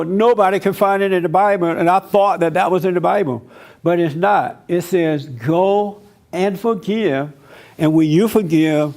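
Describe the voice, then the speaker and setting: A man preaching in a loose, conversational way, earnest and repetitive as he drives his points home. His voice sits a bit higher than most men's. He talks like he's chatting with the room rather than reading a script. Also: darkish tone. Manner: testimonial storytelling. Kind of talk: informal sermon-style teaching to an audience.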